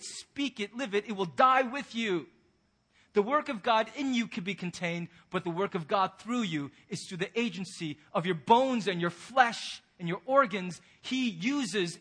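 A man's voice: high-pitched, fairly bright tone. A man pastor preaching a sermon, earnest and direct, pressing his listeners with pointed rhetorical questions.

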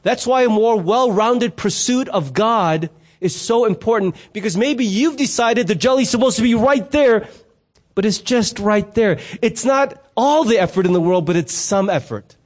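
Speaking at a moderate pace, a middle-aged pastor gives a sermon in a laid-back, conversational tone. His voice is light and high for a man, and he mixes stories and playful asides into the lesson.

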